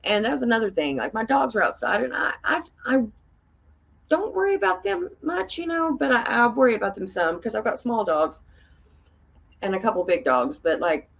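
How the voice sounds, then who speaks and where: A woman's voice: normal speed, vocal fry, low-quality recording. A woman, a podcast guest telling a story casually, laughing often and acting out what people said in a raised voice. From Tennessee. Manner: animated, laughs often, acts out quoted voices in a higher pitch.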